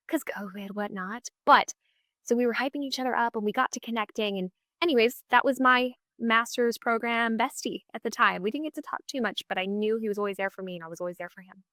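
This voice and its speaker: A young woman hosts her own podcast, telling a story in an upbeat, chatty way and acting out the lines she quotes. Her pitch sits in an ordinary middle range. The recording is dry, with no room sound. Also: fairly bright tone, no echo. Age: 20s. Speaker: podcast host. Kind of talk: casual solo storytelling.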